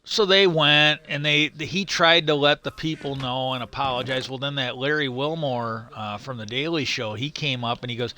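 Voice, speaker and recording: A middle-aged man talks on a live game stream in a relaxed, rambling way, often circling back and restarting his sentences. His voice sits at an ordinary pitch but has a bright, forward edge. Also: normal speed, few pauses. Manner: rambling, stop-start storytelling. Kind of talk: casual live-stream chat while gaming.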